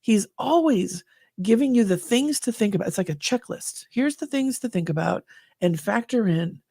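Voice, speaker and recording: A woman's voice: mid-range voice, animated, normal speed, gravelly, dark tone, no echo, studio quality. A woman co-hosting a candid podcast conversation, talking with effusive, emotional enthusiasm. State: slightly choked up. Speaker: podcast co-host.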